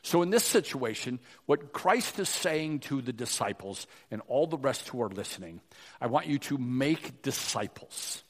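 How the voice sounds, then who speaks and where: A male pastor preaching a sermon, swinging from emphatic rises to hushed drops. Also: mid-range voice, lively intonation, normal speed. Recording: long reverb of a large hall.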